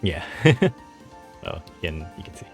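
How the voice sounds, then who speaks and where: A man's voice: sits low, big pitch swings, measured pace, over music. A young man telling a rambling, laughing story over his travel photos in a casual vlog, full of fillers and restarts. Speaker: travel vlogger.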